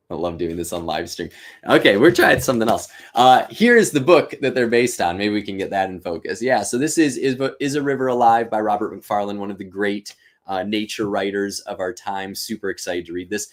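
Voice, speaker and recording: A man's voice: on the low side, lively intonation, a little fast. A man hosting a live-streamed reading and commentary, talking casually and thinking aloud with fillers. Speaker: teacher and host.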